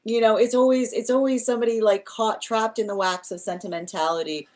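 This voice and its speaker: A woman's voice: fairly high pitch, steady tone, brisk, darkish tone. Rambling, exasperated woman reading tarot. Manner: rambling, many restarts, exasperated asides; laughs often while mocking. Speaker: tarot reader.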